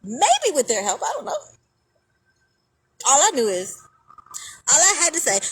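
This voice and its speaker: A woman delivering an angry, profane monologue, swinging between loud outbursts and hushed muttering. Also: high voice, wildly swooping pitch, a little slow, long pauses. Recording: noisy background hum.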